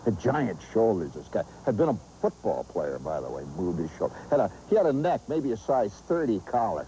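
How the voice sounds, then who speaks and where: A man's voice: lowish voice, brisk, a little hiss or hum, rough recording. A man hosting and telling a humorous, nostalgic story with vivid asides. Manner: animated, nostalgic yarn-spinning with vivid asides. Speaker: host and storyteller.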